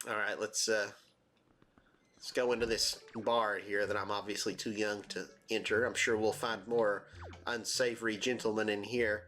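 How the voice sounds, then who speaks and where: Brief: casual let's-play host, jokey and self-mocking, soft game music behind. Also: male voice, on the low side, level tone, normal speed. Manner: joking, self-deprecating. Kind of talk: casual gameplay commentary.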